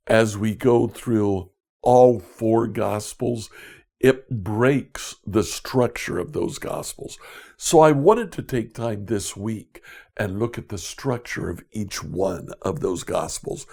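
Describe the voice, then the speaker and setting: Slow, gravelly man teaching scripture. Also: lowish voice, darkish tone. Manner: deliberate, repeats questions for emphasis. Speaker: Bible study teacher.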